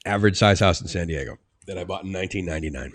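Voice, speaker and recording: A man's voice: very fast, no room sound. Chatty, rambling middle-aged man streaming live. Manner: chatty and rambling, laughs often, swings between soft musing and excited high bursts. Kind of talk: casual live-stream chat. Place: indoors at home.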